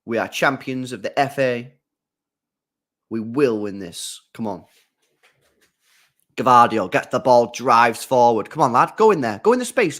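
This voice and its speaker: A man, giving live commentary and chat to his viewers while watching a football match as an excitable fan. His voice swings from loud shouts down to low mutters.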